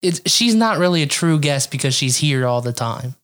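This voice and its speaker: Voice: mid-range voice, expressive, normal speed, a bit bright. A podcast co-host from Ohio telling a story in casual, rambling, crude chat with frequent laughs. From Ohio, USA.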